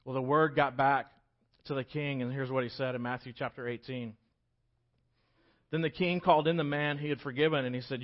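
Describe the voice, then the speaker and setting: A man preaching a sermon, swinging from loud, urgent pleas to quiet, emphatic pauses. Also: mid-range voice, fairly even intonation. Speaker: pastor. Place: church hall. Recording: dull, lo-fi recording.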